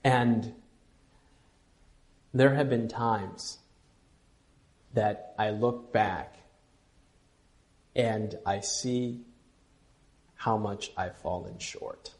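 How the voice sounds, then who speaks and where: A man preaching a sermon as pastor, swinging from quiet intimate asides to loud emphatic lines and leading the congregation to repeat after him. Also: fairly low pitch, steady tone, very slow, pauses often. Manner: leads congregation in call-and-response.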